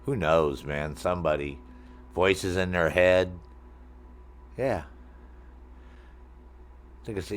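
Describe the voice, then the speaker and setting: A middle-aged man with a low voice chats loosely while he plays a game on stream. He rambles from topic to topic, swearing freely and joking with his viewers. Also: slow, pauses often. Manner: rambling, profane, jokey, talks to chat. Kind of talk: casual gaming stream chat.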